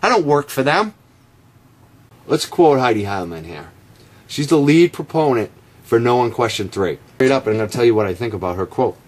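A man's voice: medium pitch, lively intonation, moderate pace. A man delivering a combative, sarcastic rebuttal straight to camera, calling out his opponent by name. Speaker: marijuana reform activist. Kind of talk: direct-to-camera rebuttal rant.

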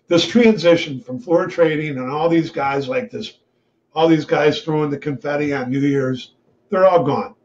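Blunt, profane man telling trading stories. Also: a little high. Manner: blunt, profane, animated storyteller. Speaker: webinar host, trader. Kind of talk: casual storytelling. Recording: dull lo-fi webinar audio.

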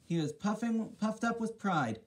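A man's voice: sits high, expressive, moderate pace, low-quality recording. A man narrating a homemade storybook about steam engines, stumbling and restarting now and then. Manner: reading with restarts.

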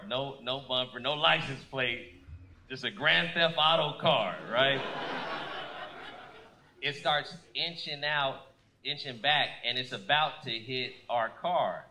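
A man doing a stand-up comedy set, telling a story slowly and deliberately until it builds to shouting. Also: medium pitch. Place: comedy club stage. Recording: noisy live club recording.

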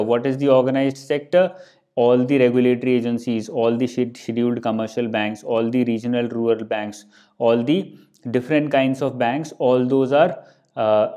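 A man's voice: medium pitch, mellow. A young man with an Indian English accent teaching exam finance terms, explaining with worked examples and frequent "let's say" and "okay". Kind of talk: explanatory lecture.

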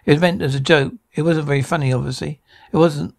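A man's voice: a little high, fairly even intonation, fast talker, creaky, darkish tone. A man acting out every part of a sitcom scene alone, in a bickering, flustered comic delivery full of stammers and restarts.

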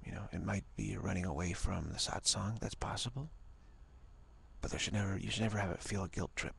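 A man with a deep, very breathy voice gives an informal spiritual talk. He speaks haltingly and restarts his phrases, often sinking to a half-whisper. His voice is heavily gravelly throughout. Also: steady tone, a bit bright. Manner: halting, repeats words, drops to a half-whisper. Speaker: spiritual teacher.

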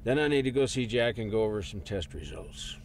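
An actor playing a blunt, impatient middle-aged businessman and father, gruff and scornful. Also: lowish voice, animated, a little fast, slight background noise. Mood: brisk.

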